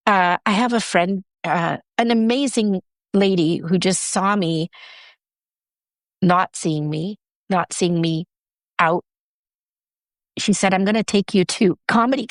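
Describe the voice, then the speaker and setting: A woman guest in an interview, telling her story in an animated way and acting out what people said with big jumps in her voice. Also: dry recording, clean studio sound. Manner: animated, acts out quoted speech with big pitch jumps. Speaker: guest, writer and director.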